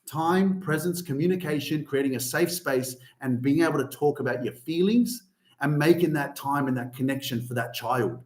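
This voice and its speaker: A man in his thirties, a motivational coach, talking casually with lots of swearing, going from quiet storytelling to loud emphatic bursts. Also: on the high side, normal speed, reverberant. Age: 30s. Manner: profane, emphatic, swings between soft and loud. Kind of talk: casual monologue.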